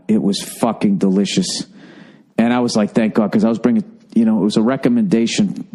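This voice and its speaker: Tired forties male podcast host, rambling profane monologue, warm low timbre. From United States. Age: 40s. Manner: rambling, profane storytelling with lively acted-out quotes. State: lethargic, tired. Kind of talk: solo comedic monologue.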